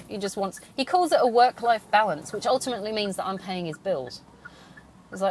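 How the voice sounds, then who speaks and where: A woman's voice: lowish voice, expressive, brisk, slight background noise, low-quality recording. A young woman, a podcast host ranting bluntly and swearing freely as she talks in a car, acting out the arguments she quotes. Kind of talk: casual monologue while driving.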